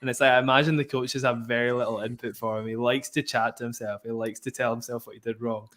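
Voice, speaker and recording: A man hosting a casual live tennis commentary chat, relaxed and talkative, breaking off now and then to call the score. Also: mid-range voice, fast talker. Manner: relaxed, chatty, breaks off to give score updates. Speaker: podcast host and match commentator.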